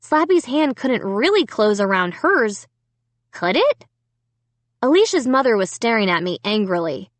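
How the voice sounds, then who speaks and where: A woman reading a storybook aloud in an expressive first-person narration. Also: a little high, a little slow, no room sound. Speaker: audiobook reader.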